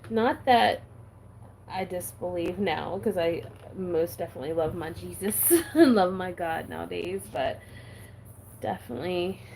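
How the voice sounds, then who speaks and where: A woman's voice: on the low side, a little slow, creaky, a little mellow, a little hiss or hum, poor audio. A woman vlogger chatting casually while she stamps her planner, giggly and talking with a valley-girl lilt.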